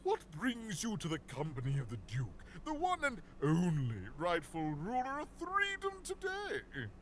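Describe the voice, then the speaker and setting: An actor playing a snobby, pompous young duke in a video game, with a haughty, drawling, theatrical manner. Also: male voice, high-pitched, wildly swooping pitch, unhurried, background noise, heavily acted. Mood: flattered.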